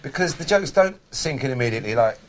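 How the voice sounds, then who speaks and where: Fast-talking chat show host man. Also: medium pitch, animated, a crowd in the background. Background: studio audience laughter.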